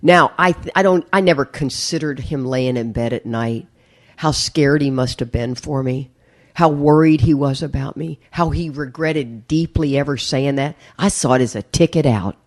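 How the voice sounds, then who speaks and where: A woman's voice: rumbling low, moderate pace. A middle-aged woman, speaking at a recovery meeting and telling a candid story to a live audience with self-mocking humor. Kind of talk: personal testimony to a live audience.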